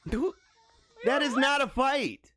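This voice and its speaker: A young man hosting a livestream, reacting to news stories with animated, mock-outraged rants and bursts of laughter. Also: very high voice, slow pace. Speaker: livestream host. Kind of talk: casual livestream commentary.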